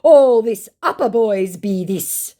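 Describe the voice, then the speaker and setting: A woman's voice: a little high, expressive, mellow, voice pushed up. A woman doing a cocky young scammer guy. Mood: boastful. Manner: slow, drawling pidgin-laced taunts. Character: young boastful male online scammer, cocky.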